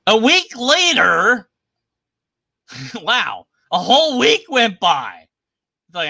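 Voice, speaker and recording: A man's voice: sits high, huge pitch swings, slow pace, vocal fry, long pauses, sharp tone, dry recording. A man giving casual, sarcastic commentary as he reads scripture aloud at his computer. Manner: sarcastic, irreverent. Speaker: atheist commentator. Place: at his computer sharing his screen.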